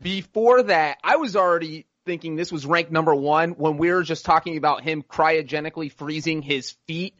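Deadpan man joking on a podcast. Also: a little high, normal speed, few pauses, no echo, muffled recording. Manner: deadpan jokes, animated rants. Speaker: podcast co-host, football writer. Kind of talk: casual sports podcast chat.

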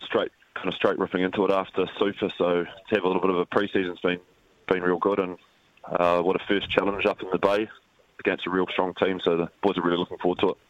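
A man's voice: deep voice, flat delivery, fast, highs cut off. A man with a New Zealand accent, a rugby head coach, talking in a laid-back, humble, rambling way on a radio interview.

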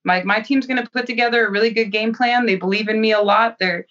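Woman fighter, cocky and profane, bright voice, distant lo-fi audio. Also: on the high side, fast talker. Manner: blunt, profane, self-assured. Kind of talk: interview answers.

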